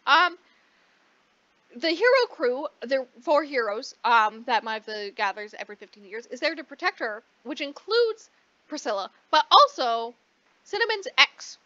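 A woman co-hosting a podcast, casually recapping a book in a rambling way, swearing freely and acting out the characters in quick asides. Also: high voice, big pitch swings, sharp tone, no room sound. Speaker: podcast co-host. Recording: dull lo-fi dry recording.

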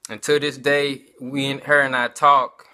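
A man's voice: medium pitch, flat delivery, a little slow, pushed and bright, smooth. A man giving a casual personal testimony, talking conversationally and often addressing his listeners as y'all.

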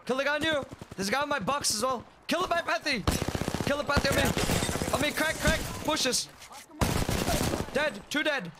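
A young man with a notably high voice streams a shooter game, firing off terse, rapid callouts to his team. He hums little tunes to himself between fights, speaking into a headset mic. Loud gunfire and game effects crackle underneath. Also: animated. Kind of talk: competitive gaming callouts.

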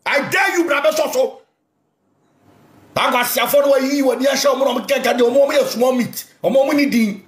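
A man with a Ghanaian accent preaching in a loud, fiery rant, often shouting. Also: very high voice, brisk. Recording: echoey room, faint noise.

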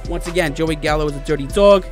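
A man giving excited gameplay commentary as a gaming video host, hyped, cheering and often yelling. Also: a little high, quick pace, over music. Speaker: gaming YouTuber.

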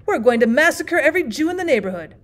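A woman's voice: high voice, fast talker, pitched above the performer's own voice. A woman reading a cool, careless young prankster. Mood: calmly sinister. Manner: calm, careless, matter-of-fact. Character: cool, mischievous young man, calmly menacing prankster.

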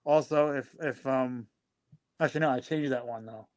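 A man's voice: medium pitch, moderate pace, dry recording. A man co-hosting a podcast, rambling with fillers and teasing his co-host in a mock-prudish way. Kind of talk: casual podcast chat.

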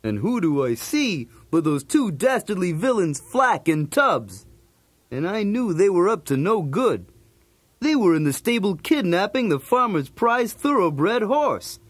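A man's voice: high voice, sing-song, a little slow, breathy edge, no room sound, heavily acted. A man voicing a cool, wisecracking male cartoon dog, narrating a storybook cassette in a jokey, streetwise manner. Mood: breezy.

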